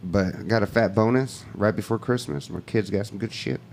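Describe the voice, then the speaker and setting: A man's voice: lowish voice, fairly quick, gravelly, darkish tone, slight background noise. A man in his thirties co-hosting a casual podcast, laid-back, laughing and swearing about work and family. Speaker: podcast co-host. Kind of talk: casual chat.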